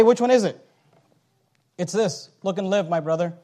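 Man, preacher, high voice, emphatic sermon, loud slowed scripture reading. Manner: reads King James scripture aloud, slowing for emphasis.

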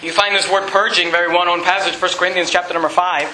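A male pastor preaching an emphatic, shouting sermon in a church. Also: sits high, fairly even intonation, fast talker, echoey room, slight background noise, poor audio. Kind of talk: fiery sermon.

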